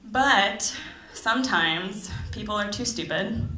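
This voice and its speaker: A young woman from Florida doing stand-up in a comedy club, her voice bright and sharp. She talks in a chatty, sarcastic way full of "like" fillers, and the room gives back a roomy echo. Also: medium pitch, slow pace, faint music behind. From Tampa Bay, Florida. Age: young adult.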